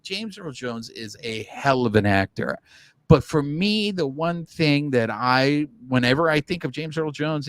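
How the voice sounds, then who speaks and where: A man talks baseball in a loose, animated way, circling back and restarting his thoughts as he goes. His voice sits at an ordinary middle pitch. The sound is dry and close, with no room echo. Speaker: podcast co-host. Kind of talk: casual sports chat.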